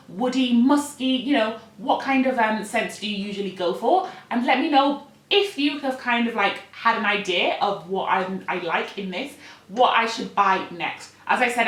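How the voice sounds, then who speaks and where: A woman's voice: medium pitch, fairly bright tone. Young female beauty vlogger, chatty and friendly, mid-range voice, recorded in a roomy, echoing space. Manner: chatty, friendly, addresses viewers directly. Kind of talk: casual direct-to-camera chat. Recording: echoey room.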